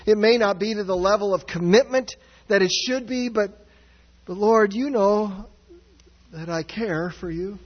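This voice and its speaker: A man preaching a sermon as pastor, earnest and searching, swinging from raised, near-shouted passages down to low, quiet ones. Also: measured pace. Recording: dull sound with long hall reverb.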